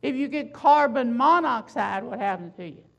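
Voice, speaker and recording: A woman preaching a sermon, building emphasis with loud swells and slow, drawn-out phrases. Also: on the high side, animated, creaky, lo-fi sound.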